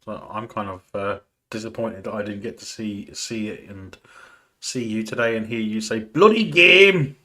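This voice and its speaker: A man with a lowish voice and little pitch movement speaks at a normal speed. He hosts a film watch party, chatting, joking and laughing often as he gives casual live commentary on the movie.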